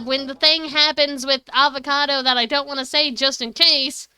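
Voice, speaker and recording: A woman streamer chatting casually at home, rambling and excitable, swearing freely. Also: high voice, a little fast, few pauses, clean tone, soft background music. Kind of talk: casual livestream chat. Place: her home.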